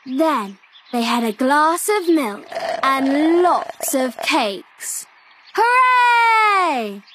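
A woman reading a picture book aloud for small children, slow and expressive. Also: sits high, noisy background. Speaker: children's story reader.

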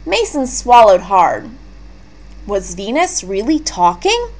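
Slow expressive woman reading a children's book. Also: mid-range voice. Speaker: storybook reader. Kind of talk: children's book read-aloud.

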